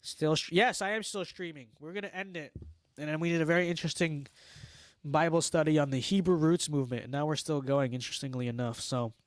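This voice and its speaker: A man's voice: fairly high pitch, brisk, no room sound, studio quality. A young man from Los Angeles hosting a casual livestream, reading chat messages aloud and answering them in a wry, sarcastic, mock-boastful way. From Los Angeles, United States.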